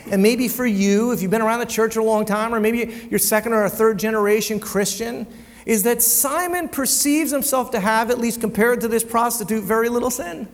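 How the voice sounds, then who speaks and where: A male pastor preaching a conversational sermon in a church, often repeating words as he goes and asking the congregation rhetorical questions. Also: high-pitched. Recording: long hall reverb.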